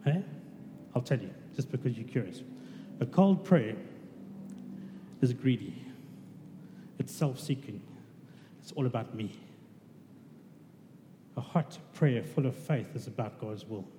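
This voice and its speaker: A man's voice: medium pitch, expressive, unhurried, pauses often, mellow. A man preaching a conversational sermon, asking his congregation questions. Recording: reverberant hall with faint noise.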